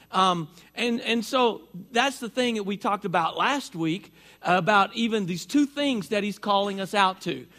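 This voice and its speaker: A man's voice: high-pitched, fairly bright tone. A man preaching a sermon to his church in a conversational way, often repeating words and lifting his voice for emphasis as he walks around with a mic. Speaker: pastor. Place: church sanctuary.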